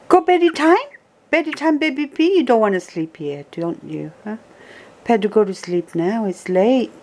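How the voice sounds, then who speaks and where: A woman at home, talking baby talk to her pet bird in a cooing, sing-song, coaxing way. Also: on the high side. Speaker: pet owner.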